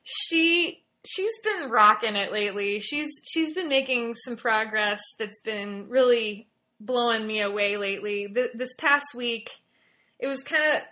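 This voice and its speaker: A woman speaks as an interview guest in a bright, fairly high voice. She talks casually and emotionally and often repeats words as she tells her story. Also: measured pace.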